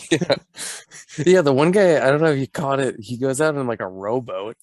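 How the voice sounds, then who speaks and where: A man's voice: mid-range voice, moderate pace, no room sound. A man co-hosting a podcast, chatting casually about a movie with dry joking asides. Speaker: podcast co-host.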